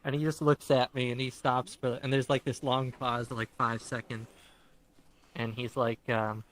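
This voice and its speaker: A man's voice: medium pitch, level tone, normal speed, a bit bright, rough recording. A man co-hosting a podcast, telling casual anecdotes and laughing a lot. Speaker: podcast co-host. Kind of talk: casual chat, storytelling.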